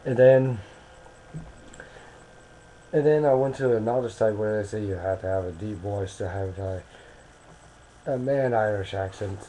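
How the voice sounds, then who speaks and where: A man's voice: on the low side, measured pace, long pauses, mellow, slight background noise, rough recording. A young American man talking casually into a webcam, rambling and hesitant with many restarts. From United States.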